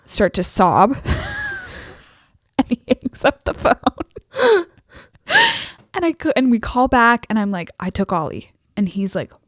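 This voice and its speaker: A woman's voice: sits high, slow pace, long pauses, dry recording, studio quality. A young woman co-hosting a podcast, telling a story in a casual chat and acting out the people in it with giggles. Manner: animated storyteller, acts out quoted voices with giggles. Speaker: podcast co-host.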